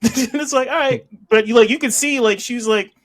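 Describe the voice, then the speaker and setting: A man chatting casually on a wrestling podcast, rambling as he retells what happened. He laughs often and slips into animated retellings of what others said. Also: very high voice, fairly quick. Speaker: podcast co-host. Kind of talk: casual wrestling recap chat.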